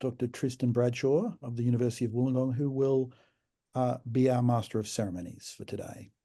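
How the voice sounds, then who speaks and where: Mellow-voiced hesitant male lecturer. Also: medium pitch, fairly even intonation. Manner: hesitant, halting. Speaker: lecturer and event organizer. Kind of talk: casual chat before a lecture.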